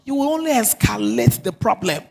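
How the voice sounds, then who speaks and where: A woman's voice: fairly high pitch, huge pitch swings, moderate pace, darkish tone. A woman pastor with a Nigerian accent, preaching a sermon and repeating phrases for stress. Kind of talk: sermon on marriage. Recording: long reverb of a church hall.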